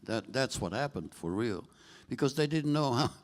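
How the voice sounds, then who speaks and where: A man on a convention panel calmly explaining how things went on a film set. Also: medium pitch, moderate pace.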